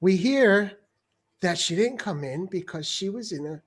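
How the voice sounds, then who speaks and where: A man hosting a video-call open mic, telling stand-up stories in a casual, animated way, laughing often and swearing freely. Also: high-pitched, measured pace, slightly rough. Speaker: host and stand-up comedian.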